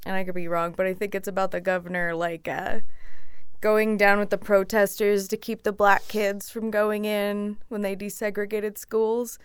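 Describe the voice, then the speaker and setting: A woman's voice: mid-range voice, monotone, moderate pace, clear, resonant tone. A woman guesting on a podcast, chatting casually with joking, self-deprecating asides.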